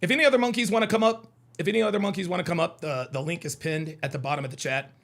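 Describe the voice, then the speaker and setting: A man's voice: sits high, very fast, a bit bright. A man from the American South hosting a live call-in reaction show, talking in a profane, combative way and often repeating himself. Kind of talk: heated live reaction commentary.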